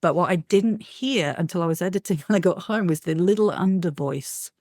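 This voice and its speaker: A woman paranormal investigator, telling lively anecdotes as a guest, acting out quotes and laughing often. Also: lowish voice, fairly quick, dry recording, studio quality. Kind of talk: animated storytelling in an interview.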